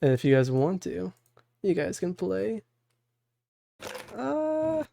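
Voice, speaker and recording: A man's voice: sits high, big pitch swings, slow, creaky, warm tone, a little hiss or hum. A young man running a tabletop game over voice chat, casual and self-deprecating, laughing often. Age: young adult. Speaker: game master.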